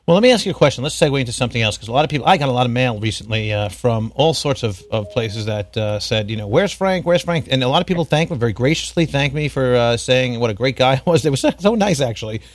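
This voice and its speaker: Lively, quick-talking man hosting a podcast. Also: medium pitch, no room sound. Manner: joking, lively, laughs often. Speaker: podcast host. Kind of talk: casual podcast chat.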